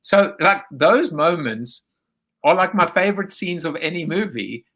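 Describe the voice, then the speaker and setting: A man's voice: on the high side, animated, unhurried, fairly bright tone. A man hosting a live video chat show, joking and rambling as he reads out viewer comments over a video call.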